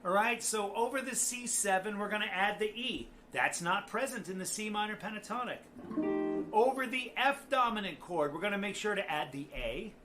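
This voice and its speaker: A man's voice: sits high, animated, moderate pace. A man giving a casual guitar lesson, chatty, with joking asides. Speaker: guitar teacher. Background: guitar playing.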